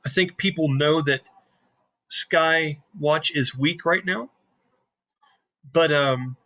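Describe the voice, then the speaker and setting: Shrewd, calm airship leader voiced by a man, soft and measured, slightly raised pitch, bright edge. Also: full character voice, low-quality recording. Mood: earnest. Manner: quiet, measured, low-voiced.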